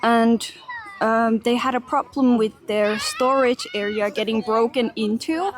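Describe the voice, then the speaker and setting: A chatty young woman from Finland, talking loosely to her stream chat as she strolls outdoors with a phone in hand. Her voice sits a little high and she laughs easily between remarks, in an open-air, phone-mic sound. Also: unhurried, a crowd in the background. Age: young adult. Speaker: IRL streamer. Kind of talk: casual livestream chat while walking. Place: outdoors in a park. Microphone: handheld phone camera.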